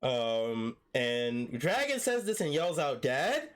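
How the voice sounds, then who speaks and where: A man co-hosting a podcast, recapping a chapter in a relaxed casual way and laughing often. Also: medium pitch, slow pace.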